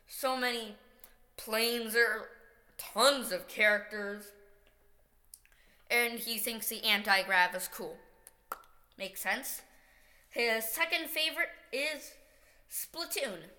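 A woman's voice: a little high, sharp tone. A woman hosting a casual video, chatty and upbeat as she ranks favorite games. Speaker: video host. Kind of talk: casual game-ranking vlog. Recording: echoey room with long reverb.

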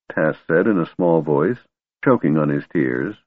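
A man narrating a fantasy audiobook in a husky, expressive voice. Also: a bass voice, a little slow, no room sound. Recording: tinny, phone-like and dry.

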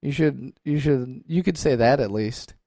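Low-voiced teasing woman podcaster. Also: unhurried, dark tone, dry recording, clean studio sound. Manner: playful, teasing, laughs often. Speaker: podcast co-host. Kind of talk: joking casual banter.

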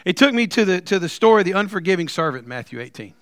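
A middle-aged man preaching a sermon, telling stories with humor and building to loud, emphatic points. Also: sits high, big pitch swings, fast talker, no room sound, clean studio sound. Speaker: pastor.

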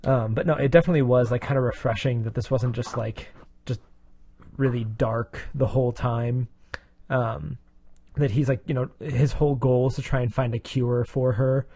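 A man with an ordinary mid-range voice, recorded dry and close with little room sound. He co-hosts a casual TV review podcast, rambling and hesitating as he goes, and is quick to poke fun at himself. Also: mid-range voice, steady tone, warm tone, breathy edge, no echo. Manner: rambling, hesitant, self-deprecating. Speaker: podcast co-host.

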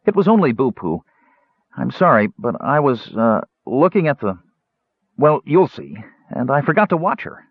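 A man voicing a small, nervous, cheerful kender man who speaks in high, hesitant bursts. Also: sing-song, normal speed, husky, no room sound, muffled recording. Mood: apologetic.

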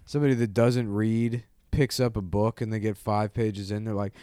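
Smooth-voiced crude comedy podcaster. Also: male voice, on the low side, fairly even intonation, normal speed, warm tone, no room sound, clean studio sound. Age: young adult. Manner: riffing, swearing. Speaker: podcast co-host.

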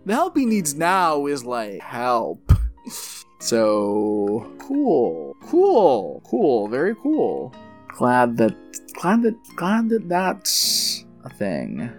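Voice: medium pitch, wildly swooping pitch, extremely slow, faint music behind. A podcast co-host in casual chat, jokey and loose, with some swearing.

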